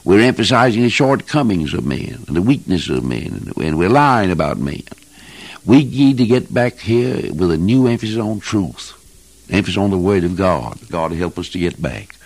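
Older guy preaching hellfire style, very deep gravelly voice, swings up and down a lot, dry sound. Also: very animated, moderate pace, darkish tone, no room sound. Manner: fervent, emphatic preaching with King James phrasing. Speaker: evangelist preacher. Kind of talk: old-time sermon.

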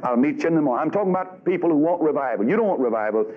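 A man thunders through a revival sermon, folksy and scolding by turns. His voice sits high and swings widely up and down. The old recording sounds dull and lo-fi. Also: lively intonation, very fast. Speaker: preacher.

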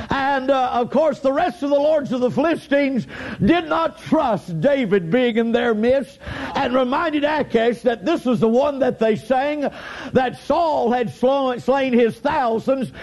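Guy with a really high voice preaching, lots of uhs, gets loud on the big points. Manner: halting, many "uh" fillers, rising to emphatic shouts. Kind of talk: sermon.

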